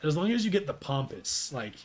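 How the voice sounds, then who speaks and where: A young man talking to his live-stream chat between reading passages. He rambles in a loose, self-deprecating way, often restarting his sentences. His voice sits a little higher than most men's. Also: very animated, fairly quick, soft background music. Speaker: streamer reading a webcomic aloud.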